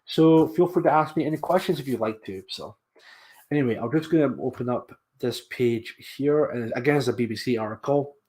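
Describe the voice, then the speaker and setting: A man's voice: medium pitch, fairly quick, darkish tone. Rambling man hosting a livestream. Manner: rambling, repeats himself, scornful asides. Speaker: livestream host. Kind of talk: casual livestream commentary.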